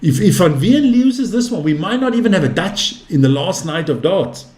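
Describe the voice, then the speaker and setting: A man's voice: high voice, expressive, moderate pace, darkish tone. A man in his fifties hosting a live darts stream, calling scores and chatting casually with viewers. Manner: chatty, calls scores and answers viewer chat. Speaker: darts commentator and stream host. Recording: roomy echo.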